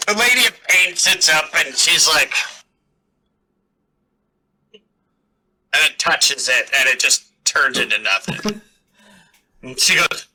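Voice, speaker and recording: Give me a game master with a high, sharp voice, narrating slowly and chattily. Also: male voice, expressive, a little hiss or hum, poor audio. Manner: laughing, loose and chatty.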